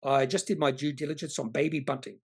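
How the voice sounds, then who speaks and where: A man's voice: mid-range voice, level tone, fast, husky. A man, hosting an investing channel and answering viewer comments in a rambling, opinionated way. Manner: rambling, opinionated, self-correcting.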